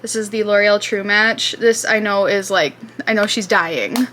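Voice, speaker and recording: A woman's voice: medium pitch, normal speed, a bit bright, slight background noise. A woman in her twenties chatting casually as she does her makeup at home, rambling and restarting her sentences. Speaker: beauty vlogger. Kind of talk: casual get-ready-with-me chat. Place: apartment room, indoors.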